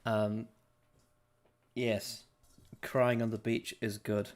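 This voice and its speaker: A man's voice: lowish voice, little pitch movement, drawn-out words. Giggly, stumbling male podcast host. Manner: laughs often, trips over words. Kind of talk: casual podcast chat.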